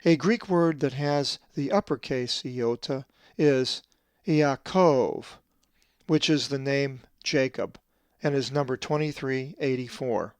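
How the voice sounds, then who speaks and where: Brief: male teacher, mid-pitched, dry close sound, measured and methodical, stretches out the example words. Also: smooth, dry recording. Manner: methodical, drawn-out slow stress on Greek words. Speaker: Bible translator teaching Greek pronunciation. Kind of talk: scripted teaching lesson.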